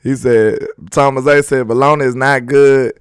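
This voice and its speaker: A man's voice: mid-range voice, fairly even intonation, moderate pace, clean tone, no room sound, studio quality. A man hosting a sports live stream, chatting casually and reading viewer comments aloud in a laid-back, slangy, joking way.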